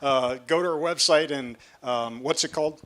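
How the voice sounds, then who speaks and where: A man's voice: fairly high pitch, moderate pace, a bit bright. A man moderating a panel at a festival, explaining prices and asking the audience questions in a conversational way. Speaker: panel moderator, seed production manager. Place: tent at an outdoor festival.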